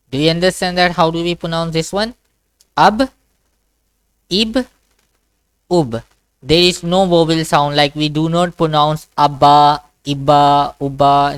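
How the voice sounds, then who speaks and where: A man teaches Quran reading in a one-to-one online lesson, slowly repeating each sound and checking in with "okay?" His voice is smooth and clear, and the sound is dry and close. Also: fairly high pitch, fairly bright tone, no room sound. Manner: patient, repetitive, checks understanding with "okay?". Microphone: video call.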